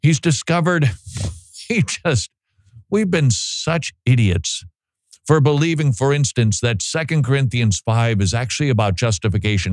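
A man's voice: mid-range voice, animated, a little slow, dry recording. A man hosting a talk show, giving sarcastic, mocking commentary with laughing asides. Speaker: host.

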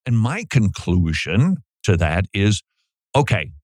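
A man hosting a talk show, speaking in a lively, animated way and slipping into voices when he quotes. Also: on the low side, takes it slowly, no echo, clean studio sound. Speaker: podcast host. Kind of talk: casual commentary.

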